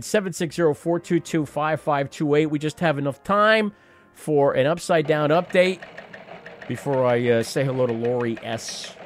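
With slight background noise behind him, a fifty-something talk radio host rambles wryly through a call-in show monologue, dropping profane asides. His voice is mid-range.

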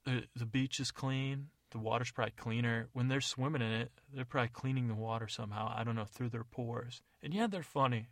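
A man delivering a loose, improvised comic monologue with deadpan asides. His voice has a gravelly, rough edge. The sound is dry and close, with no room echo. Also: medium pitch, a little fast, few pauses. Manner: rambling, self-correcting, deadpan asides. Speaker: comedy podcast narrator.

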